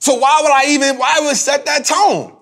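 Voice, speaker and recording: A man hosting a show, giving a repetitive, preachy motivational talk on investing, speaking with a husky voice. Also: very high voice, brisk. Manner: animated, preachy, repetitive, addresses co-host by name. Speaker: podcast host.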